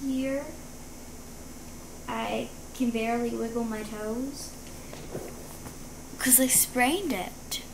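A woman's voice: fairly high pitch, fairly even intonation, takes it slowly, creaky, pauses often, background noise. A female vlogger telling a dramatic story about her injured ankle to the camera, chatty and sometimes dropping into a whisper.

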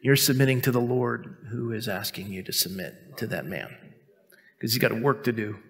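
Joking pastor in a reverberant church hall. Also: male voice, normal speed. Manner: joking, self-mocking asides between earnest teaching; drops to a quiet, low, intense tone for stern points. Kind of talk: sermon. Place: church sanctuary.

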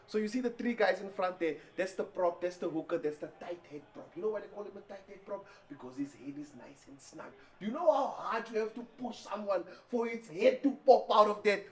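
A man excitedly cheering and explaining the rules while watching a match, in an exuberant, teasing manner. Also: sits high, brisk, few pauses.

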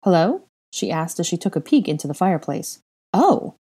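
Low, mellow woman reading a story. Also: fast, breathy edge. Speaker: fan fiction reader. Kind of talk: audiobook-style narration.

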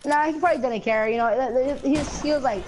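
Laid-back high-voiced gamer woman. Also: quick pace, heavy background noise. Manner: laid-back, lots of yeah fillers. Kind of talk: casual gaming chat.

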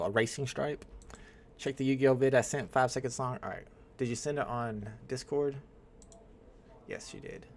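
A man's voice: medium pitch, darkish tone. A man hosting a casual livestream from home, rambling and thinking aloud as he greets people in the chat. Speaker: livestream host.

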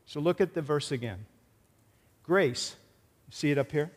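Brief: male pastor preaching earnestly, voice a touch high, ringing hall echo. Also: moderate pace. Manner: earnest preaching, retelling a film scene with quoted lines. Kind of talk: sermon. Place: church sanctuary. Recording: church hall reverb.

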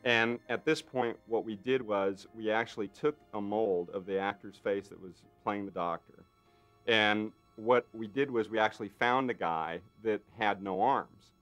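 Lively low-voiced man telling a story. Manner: animated storyteller, acts out others' lines. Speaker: makeup effects artist. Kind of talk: interview anecdote.

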